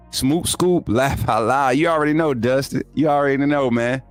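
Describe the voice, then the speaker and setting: A young man, hosting a sports livestream, reading super chats and teasing viewers in energetic, laughing banter. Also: mid-range voice, moderate pace, faint music behind. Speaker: YouTube sports show host.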